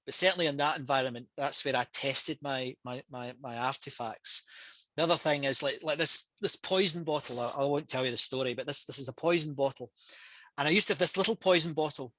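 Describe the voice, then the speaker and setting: A man's voice: mid-range voice, fairly quick, dry recording, poor audio. A man with a Scottish accent, a public speaker and trainer, talking casually and with passion on a video call over a headset. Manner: passionate, energetic storytelling.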